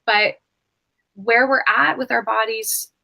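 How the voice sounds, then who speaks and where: A woman's voice: fairly high pitch, fairly even intonation, takes it slowly, gravelly, bright, forceful tone. A woman hosting a conversational podcast, reflective and talking with many filler words. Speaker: podcast host.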